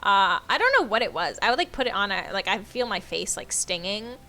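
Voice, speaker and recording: A woman's voice: medium pitch, expressive, brisk, sharp tone. A young woman streaming a game, joking and teasing in casual banter. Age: young adult. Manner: giggly, teasing.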